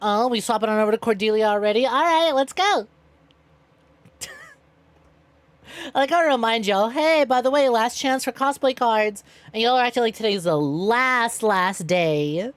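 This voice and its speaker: A woman's voice: fairly high pitch, normal speed, no room sound. A young adult woman streaming a game, chatting playfully with her viewers and laughing often. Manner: playful, laughing, talks to chat as y'all. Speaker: VTuber streamer. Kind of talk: casual gameplay streaming chat.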